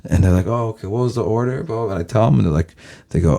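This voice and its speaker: Very fast and gravelly yet mellow, a fairly low-pitched male vlogger from Los Angeles speaks with a Californian American accent. He rambles to his viewers casually, swearing and repeating "guys" throughout.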